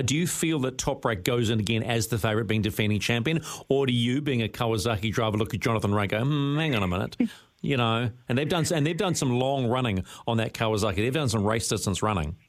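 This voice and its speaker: A man hosting a sports radio show, chatty and often repeating words as he builds up his questions. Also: medium pitch. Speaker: radio host. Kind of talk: casual radio sports chat.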